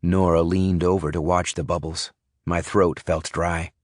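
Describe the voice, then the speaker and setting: A man reading a thriller audiobook in first person, measured and suspenseful. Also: sits low, level tone, no room sound, clean studio sound. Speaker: audiobook narrator. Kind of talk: scripted audiobook narration.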